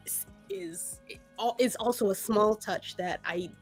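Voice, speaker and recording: A woman co-hosting a casual podcast, talking in an animated way with laughs and many restarts. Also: mid-range voice, a little slow, vocal fry, faint music behind. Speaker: podcast co-host. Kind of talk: casual chat.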